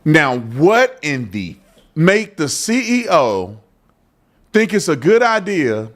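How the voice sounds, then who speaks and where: Male host, live news commentary, joking, talks to viewers, slightly high voice, very expressive pitch. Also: slow pace.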